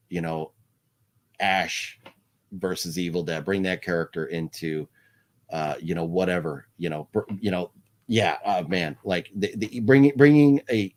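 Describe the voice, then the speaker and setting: Man, lowish voice, casual live-stream host, rambling, lots of ums and restarts. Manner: rambling, with many fillers and restarts, reading viewer comments aloud. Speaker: host of a live movie news show.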